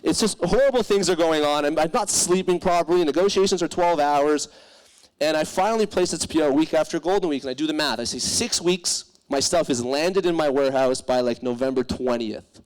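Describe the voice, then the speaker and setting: A young man, a startup founder, telling a comic failure story on stage at a live event, animated and profane, acting out the voices of people he quotes. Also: a little high, brisk, low-quality recording.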